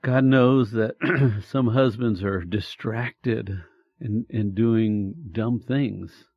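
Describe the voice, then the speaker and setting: A man co-hosting a Christian talk show, speaking in a slow, earnest, pastoral way. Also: fairly low pitch, fairly even intonation, slightly rough, dull audio. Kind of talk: faith-based conversation.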